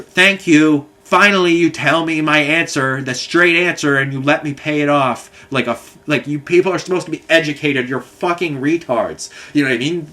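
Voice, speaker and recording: A man's voice: a little high, pushed and bright. A man telling a long, angry, rambling story, swearing often. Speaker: vlogger. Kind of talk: ranting monologue.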